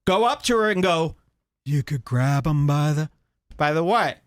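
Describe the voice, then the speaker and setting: A man's voice: expressive, measured pace, clear, resonant tone, no echo, clean studio sound. A man hosting a podcast, ranting crudely and mockingly in a comedic style. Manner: mocking, exaggerated, swings pitch wildly. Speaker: podcast host.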